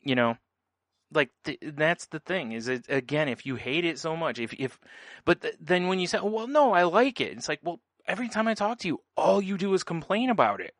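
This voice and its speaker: Laid-back podcast co-host, dry sound. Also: male voice, a little high, lively intonation, a little fast, a bit bright, dry recording. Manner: laid-back storytelling, laughs often. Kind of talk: casual chat.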